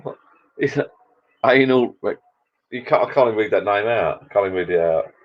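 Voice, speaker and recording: A man's voice: on the low side, animated, fairly quick. A man hosting a casual live chat, full of cheeky banter and light swearing. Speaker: livestream host. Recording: dull lo-fi sound.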